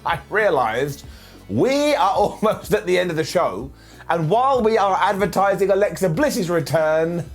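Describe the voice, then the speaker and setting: A man hosting a casual review show, talking in an animated, jokey and ranting way. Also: high-pitched, moderate pace. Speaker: host. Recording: faint background music.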